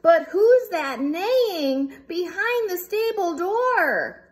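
A woman's voice: extremely high pitch, animated, takes it slowly. A woman reading a picture book aloud for young children in a playful way, making animal sounds as she goes. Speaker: storybook reader.

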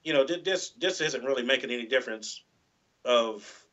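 Rambling, bright-voiced man in a lo-fi recording. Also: mid-range voice, normal speed. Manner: rambling, many "you know"s and restarts. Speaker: guest guitarist. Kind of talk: casual interview chat.

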